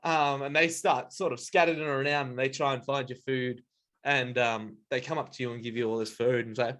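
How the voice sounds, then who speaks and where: A man's voice: mid-range voice, fairly even intonation, a little fast, a bit bright. A man running a casual tabletop game, narrating with a rambling, filler-heavy manner. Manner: rambling, lots of "like" and "um". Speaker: game master.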